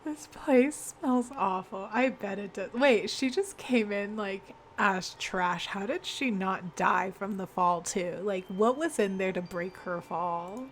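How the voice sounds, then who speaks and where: A woman streamer chatting casually over a game, giggling often and reacting out loud. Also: medium pitch, slow pace, hardly any pauses, slight background noise.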